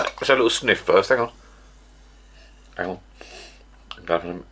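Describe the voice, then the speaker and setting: Speaking at a moderate pace, a middle-aged British man rambles in a casual home vlog from his garden bar shed. His low-pitched voice is slightly rough with a fairly bright tone, and he restarts often as he chats.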